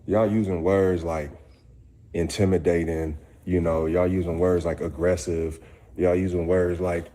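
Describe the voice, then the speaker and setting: A man with a deep voice playing a boyfriend in a comedy skit, firm and deliberate. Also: a little mellow, natural voice.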